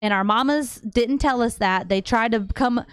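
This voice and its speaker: Brief: woman host, smooth clear voice, dry close sound, animated and slangy. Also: a little high, moderate pace, no room sound. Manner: chatty, animated, slangy, trails off and restarts. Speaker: livestream host answering viewer questions. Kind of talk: casual live chat. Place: home.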